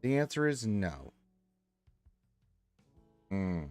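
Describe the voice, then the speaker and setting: A man hosting a casual livestream, reading viewers' chat messages aloud with lively swings in pitch and loudness. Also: extremely slow, smooth, dry recording, faint music behind.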